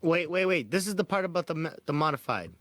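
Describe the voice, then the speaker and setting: A man hosting a casual podcast, playful and lively, his pitch swinging widely as he talks. The recording is dry and close. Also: fast, no room sound. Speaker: podcast host. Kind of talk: casual chat.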